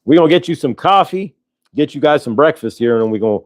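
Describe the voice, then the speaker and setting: A man's voice: fairly low pitch, quick pace, a little mellow, close to an everyday voice. A man doing a big drawling Southern cop. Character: big rural Southern male cop, gruff but kindly.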